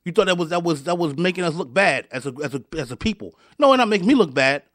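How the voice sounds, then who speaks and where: A man's voice: high-pitched, expressive, fast, a bit bright, dry recording, clean studio sound. A man hosting a show, ranting angrily at his listeners with many stumbling restarts and repeated words. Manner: angry, repetitive, stumbling restarts, addresses listeners directly. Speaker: show host. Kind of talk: heated commentary rant.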